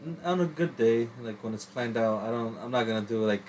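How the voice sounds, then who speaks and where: A stoned man rambling along on a casual podcast, easygoing and full of fillers. His pitch sits in the middle range. Faint background noise hums behind him. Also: fairly quick, darkish tone. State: high on cannabis. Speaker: podcast co-host. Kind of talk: casual chat.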